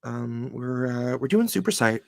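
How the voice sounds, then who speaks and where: A man's voice: mid-range voice, expressive, a little slow, creaky, dry recording. A man co-hosting a casual chat, laid-back and self-mocking, with many fillers. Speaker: musician co-host.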